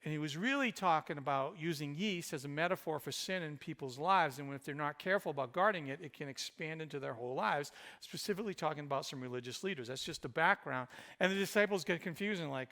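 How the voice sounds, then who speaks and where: A male pastor preaching a sermon, swinging between loud emphatic passages and quiet, intimate ones. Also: on the high side, quick pace, few pauses. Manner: speaks in Jesus's voice to the listener.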